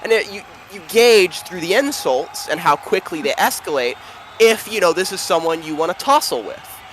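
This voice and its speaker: A man narrating a tabletop game as game master, animated and rambling with many fillers. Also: high-pitched, normal speed, a little hiss or hum, poor audio.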